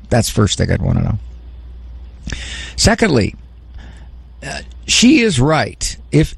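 A man's voice: medium pitch, gravelly, slightly rough, dry recording. A man hosting a call-in advice show, giving frank, emphatic counsel to a caller. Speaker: radio advice host.

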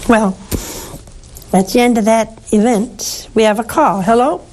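A woman hosting a religious call-in program speaks in a fairly high voice. She preaches slowly and deliberately, with earnest emphasis, and speaks to her callers with tender counsel. Her exclamations rise to stress each point. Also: a little mellow, rough recording. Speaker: religious TV host taking calls, addressed as Mother.

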